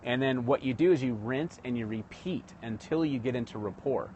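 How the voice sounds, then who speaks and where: Guy on a livestream chatting about rapport, mid-pitch voice, keeps restarting his sentences. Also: normal speed, darkish tone, highs cut off, a little hiss or hum. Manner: conversational, restarts often, addresses viewers directly. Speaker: livestream host teaching sales rapport. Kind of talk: casual livestream teaching. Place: live stream broadcast.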